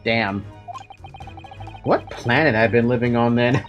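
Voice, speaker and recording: A streamer giving casual let's-play commentary, with giggly, animated asides. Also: medium pitch, slow, long pauses, soft background music.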